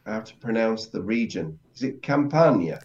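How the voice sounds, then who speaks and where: A man from England takes the learner's role in a relaxed language lesson, with a fairly low voice and a curious, tentative way of asking questions. His recording sounds dull and lo-fi. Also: moderate pace. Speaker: learner and co-host.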